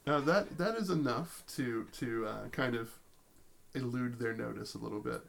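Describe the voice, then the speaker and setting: Spielleiter mit knarzender Stimme. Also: male voice, mid-range voice, moderate pace, creaky, fairly bright tone, a little hiss or hum. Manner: storytelling with many fillers and restarts. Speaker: game master. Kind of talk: narrating a tabletop game.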